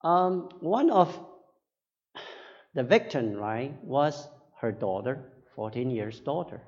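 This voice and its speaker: A male pastor preaching a sermon in a halting, earnest way, often tagging his phrases with a questioning "right?". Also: mid-range voice, expressive, darkish tone. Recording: dull sound with long hall reverb.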